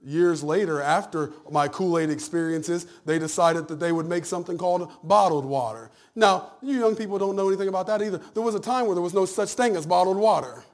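A man preaching a humorous, animated sermon, jumping from loud punchlines to hushed asides. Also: sits high, a little fast, few pauses. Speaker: pastor.

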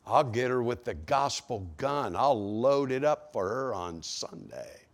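A man preaching a sermon, telling a story with acted-out dialogue and swinging from hushed to loud. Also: medium pitch, very animated, unhurried, vocal fry. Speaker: pastor.

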